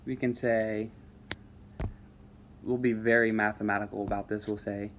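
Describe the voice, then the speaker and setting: Male math teacher, lower voice, easygoing step-by-step delivery, faint background hum. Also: normal speed. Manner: relaxed, talks students through steps with frequent "all right". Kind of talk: screen-recorded math lesson.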